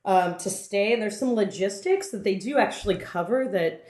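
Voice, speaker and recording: A woman's voice: medium pitch, normal speed, darkish tone. A woman podcast host recapping a film in casual chat, rambling with many fillers and restarts. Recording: roomy, echoey room.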